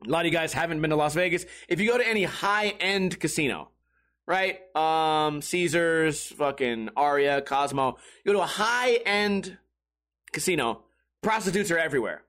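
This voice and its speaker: A young man with a high voice chatting on a comedy podcast. He is animated and profane, laughs often, and breaks into sudden shrill exclamations. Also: moderate pace. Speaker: podcast co-host. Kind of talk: casual comedic chat.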